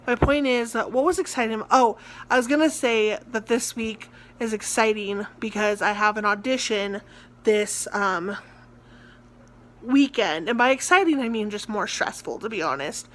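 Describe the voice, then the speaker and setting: A young American woman talks straight to the camera about her week in a loose, rambling way, packed with filler words and little rants. Her voice sits a touch high for a woman. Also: a little slow, a bit bright. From United States. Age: young adult. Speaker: college theatre student vlogger. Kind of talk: casual vlog chat.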